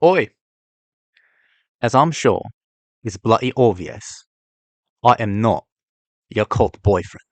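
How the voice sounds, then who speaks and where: A man's voice: lowish voice, lively intonation, takes it slowly, pauses often, dry recording, full character voice. A man putting on a brash Cockney evil twin. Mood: cheeky. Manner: brash, swaggering slang.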